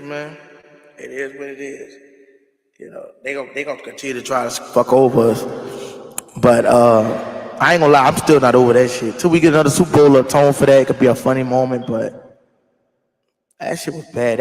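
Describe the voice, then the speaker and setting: A man's voice: medium pitch, a little fast, darkish tone. A man hosting a casual livestream, ranting in a rambling, slangy, profane way. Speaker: livestream host. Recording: echoey room with long reverb.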